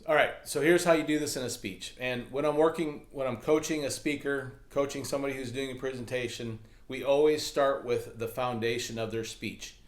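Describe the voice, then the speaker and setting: A man's voice: medium pitch, fairly even intonation, fairly quick, few pauses. A man coaching viewers on adding humor to speeches, talking casually with upbeat, jokey, self-deprecating asides. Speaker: comedy and speaking coach. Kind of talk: casual instructional talk to camera. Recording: echoey room.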